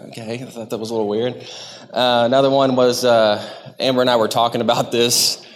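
Guy preaching a sermon, mid pitch, chatty and self-deprecating, lots of restarts, long church hall echo. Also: flat delivery, a little fast. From Texas. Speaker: lay preacher. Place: church sanctuary.

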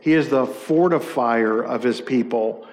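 A man's voice: mid-range voice, unhurried, darkish tone, big-room sound. A middle-aged man preaching a conversational sermon as a pastor, with frequent fillers and self-corrections.

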